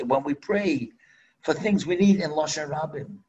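A man's voice: a little high, moderate pace, rough recording. An older man, a rabbi, preaching earnestly and telling a story, with Hebrew phrases woven in. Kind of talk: sermon with storytelling.

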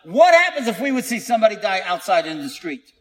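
A man's voice: high-pitched, big pitch swings, fast talker. A man telling a story in a sermon to an audience, delivering it dramatically, acting out the quotes and building to emphatic peaks. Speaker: preacher. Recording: long hall reverb.

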